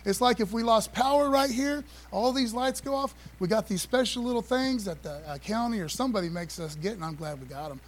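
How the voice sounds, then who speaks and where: A man's voice: high voice, expressive, a little fast, hardly any pauses, slight background noise. A man preaching a sermon in a church, folksy and conversational, calling for a witness and repeating phrases. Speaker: pastor. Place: church sanctuary.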